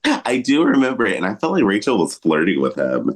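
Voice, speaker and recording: A man with a very deep voice that swings widely in pitch, playful and quick to laugh as he co-hosts a podcast. He tosses in teasing reactions between his partner's recaps. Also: huge pitch swings. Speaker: podcast co-host. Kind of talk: casual podcast chat.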